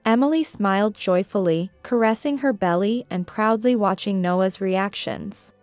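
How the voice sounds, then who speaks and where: A woman reading a scripted first-person story in a measured, even way. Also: mid-range voice, no room sound, faint music behind. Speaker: narrator.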